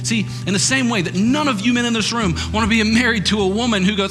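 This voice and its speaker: A man's voice: sits high, animated, fast, hardly any pauses. A man preaching a sermon, conversational and humorous, slipping into acted voices. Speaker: pastor. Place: church sanctuary. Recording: church hall reverb with guitar playing.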